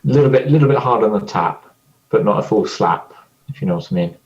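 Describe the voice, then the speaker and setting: Deep-voiced player, dull recording. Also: male voice, expressive, darkish tone. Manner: halting, repeats words. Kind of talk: playing a tabletop game.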